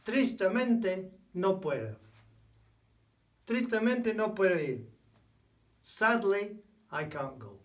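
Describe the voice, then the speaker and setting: A man giving a spoken language lesson, explaining slowly and repeating key words. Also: high voice, recorded from a distance. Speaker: language teacher.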